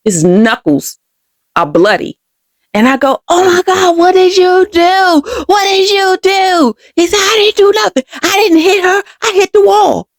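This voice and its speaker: A woman's voice: medium pitch, gravelly, no room sound, clean studio sound. A young adult woman hosting a podcast, telling a personal story candidly and with feeling, speaking straight to her listeners. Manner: candid, emotional, addresses listeners directly. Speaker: podcast host.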